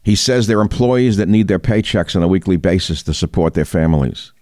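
A man's voice: sits low, animated, fairly quick, a little mellow, no echo, clean studio sound. A man hosting a talk show, delivering combative, indignant news commentary and firing rhetorical questions at the listener. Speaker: talk radio host.

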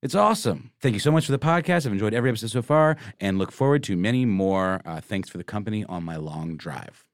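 A man's voice: on the low side, expressive, fast, few pauses, no echo, studio quality. A man co-hosting a podcast in casual chat, teasing and joking with his partner while reading listener mail. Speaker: podcast co-host.

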